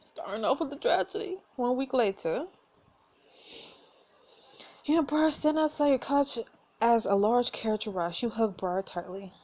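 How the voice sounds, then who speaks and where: A woman's voice: a little high, expressive, moderate pace, long pauses, darkish tone. A woman playing a story game, reading its narration aloud and making casual asides. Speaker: gameplay streamer.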